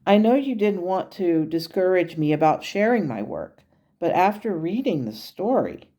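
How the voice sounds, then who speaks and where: A woman with a low, mellow voice recounts her meditation dialogue. Her telling is candid and conversational, like casual storytelling. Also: very animated, moderate pace. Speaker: meditation channel host.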